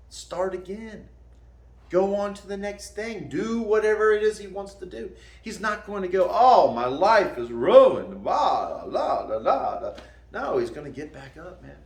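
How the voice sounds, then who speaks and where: A man teaching martial arts gives a casual motivational talk, laughing at his own jokes. His voice sits high and swings widely in pitch. The room around him echoes. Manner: animated, folksy, laughs at own jokes, calls listener "man".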